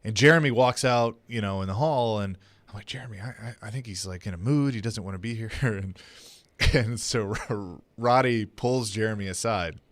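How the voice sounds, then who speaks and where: A radio co-host and producer with a fairly low voice tells a wrestling story during casual chat in the radio studio, speaking at a moderate pace with no echo. He's an animated storyteller who acts out the quotes.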